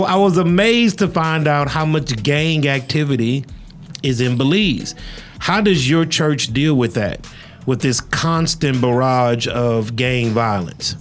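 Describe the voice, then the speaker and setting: A man's voice: medium pitch, animated, slow pace, faint music behind. Chatty podcast host, man. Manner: chatty, searches for words with many fillers. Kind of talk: casual interview chat with storytelling.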